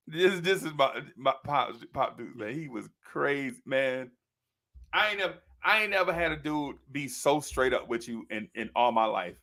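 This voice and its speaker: A man in his fifties telling stories in a casual chat, animated and slangy, laughing often. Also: on the high side, normal speed.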